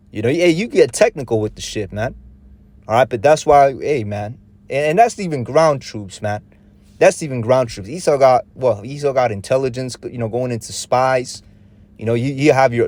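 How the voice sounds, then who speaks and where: A man's voice: medium pitch, a little mellow. A man teaching scripture in an informal street-preacher way, full of slang and profanity, with frequent restarts and rhetorical questions. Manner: rhetorical questions, checks in with "all right?" and "man".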